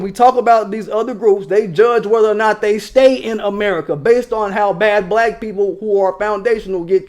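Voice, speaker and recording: A man's voice: sits high, a little mellow. A man hosting his own political commentary channel, talking straight to viewers in a heated, slangy, profane way.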